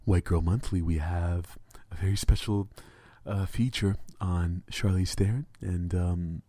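A man voicing a breathy, sultry male magazine host who announces in a loud, mock-seductive half-whisper. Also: low voice, no echo.

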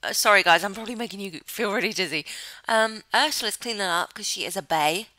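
A woman chatting excitably through Let's Play commentary, giggling often. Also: medium pitch, quick pace, no echo, low-quality recording. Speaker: gamer host.

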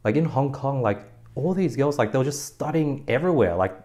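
A man's voice: medium pitch, lively intonation, fairly quick, darkish tone. A young man with an Australian accent hosting a casual interview, rambling with lots of fillers and restarts as he asks questions. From Australia (West Sydney). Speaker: podcast host.

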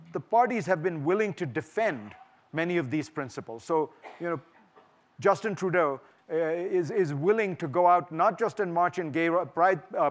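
A middle-aged man speaks to a large hall audience at a festival. His voice sits a little high, and his delivery is thoughtful, with frequent restarts and fillers. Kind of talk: festival talk and Q&A.

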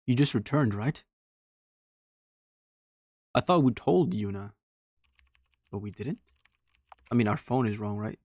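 A man's voice: mid-range voice, expressive, slow pace, long pauses, darkish tone, breathy edge, dry recording. Man chatting through a horror game. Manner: talks to himself, reads game text aloud. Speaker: streamer playing a horror game. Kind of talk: casual let's-play commentary.

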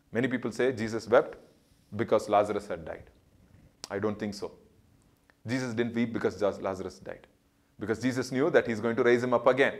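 A man giving an earnest Bible study, repeating phrases for emphasis and building up on key points before dropping soft at the ends of lines. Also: mid-range voice. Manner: rises and swells on key points, drops soft at line ends. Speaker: Bible teacher.

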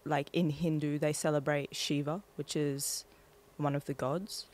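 A woman's voice: deep voice, fairly even intonation, a little slow, darkish tone. A woman guest in a casual interview, hesitant and full of fillers.

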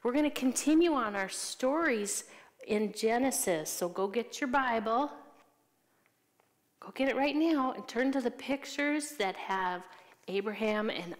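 A woman telling a Bible story to young children as a Sunday school teacher, gently asking them questions. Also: mid-range voice, long reverb tail.

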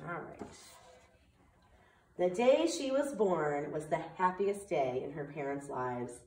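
A preschool teacher talking slowly and clearly to small children, in a sing-song manner, during a remote circle time lesson and story read-aloud. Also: female voice, sits low, animated, darkish tone, echoey room, far from the mic, slight background noise.

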